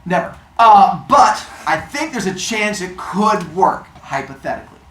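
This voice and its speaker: An awkward, slightly sheepish inventor god, played by a woman, who lays out his odd methods in a hesitant, matter-of-fact way. The voice rises and bounces with lively swings. There is a roomy echo and faint ambience around it. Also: fairly low pitch, a little slow, recorded from a distance, slight background noise, pitched above the performer's own voice.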